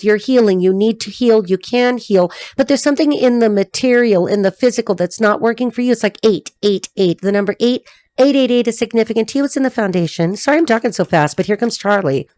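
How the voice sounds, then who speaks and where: A woman giving a tarot reading, talking in a blunt, rapid, repetitive stream of consciousness. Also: a little high, a little mellow, no echo. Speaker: tarot reader.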